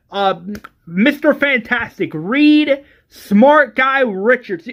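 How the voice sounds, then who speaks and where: A man giving a casual, exasperated movie review, animated and full of restarts and hesitations. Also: very high voice, slow, highs cut off.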